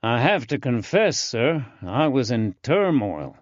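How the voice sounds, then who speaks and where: A male narrator voicing an earnest, eager young man with a soft drawling accent in an audiobook. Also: mid-range voice, animated, measured pace, no echo, lo-fi sound, lightly acted.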